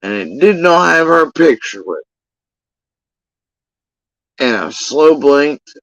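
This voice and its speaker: A man's voice: a little high, big pitch swings, slow, a bit bright, no echo, low-quality recording. Heated, profane man on a livestream. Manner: heated, profane, emphatic storytelling. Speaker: livestream host. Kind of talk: casual livestream monologue.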